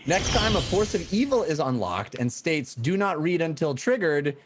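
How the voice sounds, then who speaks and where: A man's voice: on the high side, very animated, normal speed, heavy background noise. A man narrating a tabletop game as game master, describing scenes with fillers and restarts.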